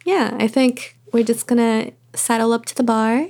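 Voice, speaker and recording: A woman's voice: on the high side, steady tone, normal speed, darkish tone. A woman hosting a podcast, signing off in a laid-back, rambling way with many fillers. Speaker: podcast host. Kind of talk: casual podcast chat.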